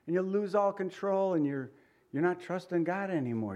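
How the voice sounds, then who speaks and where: A middle-aged male pastor with a somewhat high voice delivers a sermon. He talks to the congregation conversationally and keeps turning to them with rhetorical questions. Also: moderate pace, slight background noise.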